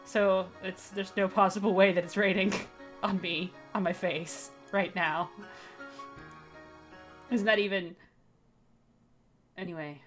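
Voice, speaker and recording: A woman's voice: medium pitch, fairly even intonation, takes it slowly, pauses often, faint music behind. A woman streamer giving joking, chatty commentary while playing a game. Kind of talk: let's play commentary.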